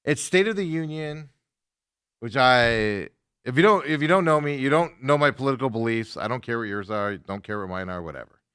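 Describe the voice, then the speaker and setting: An animated male talk show host rants about sports with a lively, swooping voice and a bright, forceful tone. He laughs easily and slips into mocking impressions. The sound is dry and close. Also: medium pitch, brisk, clean tone, no echo. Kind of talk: casual sports talk rant.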